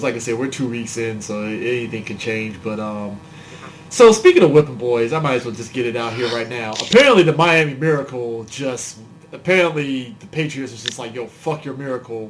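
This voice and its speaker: A man co-hosting a casual sports podcast, animated and profane, exclaiming as he talks. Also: mid-range voice, a little fast, a little hiss or hum, poor audio. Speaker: podcast co-host.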